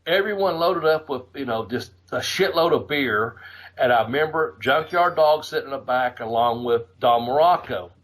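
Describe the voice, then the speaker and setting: A man hosting a podcast, telling a road story in a casual, profane, animated way, laughing as he goes. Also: medium pitch, normal speed. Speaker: podcast host.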